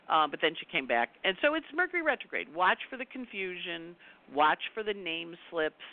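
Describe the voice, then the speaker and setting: A woman astrologer giving her weekly forecast in a chatty monologue, repeating words for emphasis and telling personal anecdotes. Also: on the low side. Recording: tinny phone-like audio.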